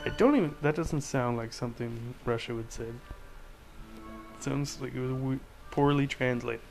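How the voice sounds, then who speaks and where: A man's voice: mid-range voice, a little slow, gravelly, poor audio. Male host, loose sarcastic rambler, thinks aloud with lots of restarts, faint music underneath. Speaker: podcast host. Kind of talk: casual rant about news.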